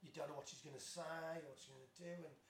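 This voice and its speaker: A fast-talking middle-aged man spins self-deprecating yarns, tripping over his own restarts. His voice sits a touch high and rings in an echoey room with a faint hum of ambience behind it. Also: fairly even intonation. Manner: self-deprecating, rambling storyteller with many restarts. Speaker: interview guest, former footballer. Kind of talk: unscripted chat.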